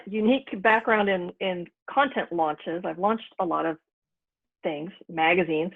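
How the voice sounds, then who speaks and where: A woman's voice: lowish voice, no echo, phone-quality sound. A woman with an American accent, an interview guest describing her background in an upbeat way. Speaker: guest, product launch specialist. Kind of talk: casual interview talk.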